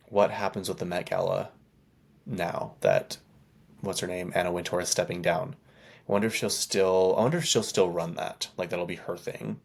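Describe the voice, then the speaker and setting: A man with a low-pitched voice hosts a podcast in a loose, rambling chat. He talks chattily, keeps correcting himself and laughs easily between thoughts. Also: creaky. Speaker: podcast host. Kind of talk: casual pop culture chat.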